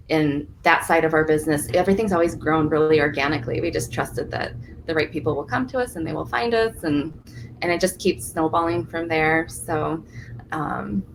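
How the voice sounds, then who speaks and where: A woman's voice: low voice, vocal fry, background noise. A woman guest talking enthusiastically about her readings and her clients in a casual chat. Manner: gushing, enthusiastic, many fillers. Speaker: guest, reader. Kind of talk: casual conversation.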